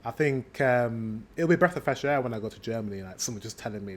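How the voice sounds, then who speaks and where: A man's voice: mid-range voice, expressive, fast. A man with a British accent hosting a reaction video, chatting casually and upbeat, thinking aloud as he comments.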